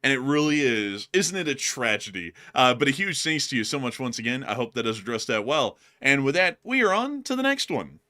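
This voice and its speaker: A man's voice: medium pitch, very animated, a little fast, few pauses, pushed and bright. A male co-host chatting casually on a livestream, laughing often and thanking supporters.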